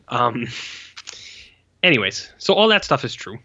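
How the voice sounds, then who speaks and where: A man in his forties co-hosts a podcast, chatting casually about an old film with rambling, profane asides and lots of fillers. His medium-pitched voice is very animated, bright and forceful, at a measured pace, though the recording is muffled.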